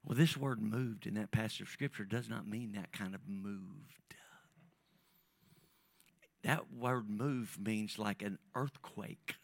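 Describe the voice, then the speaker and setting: A man preaching a sermon as pastor, talking to the congregation in a conversational way, dropping to near whispers and rising to loud emphatic peaks, often repeating and restarting his words. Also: on the low side, takes it slowly, creaky.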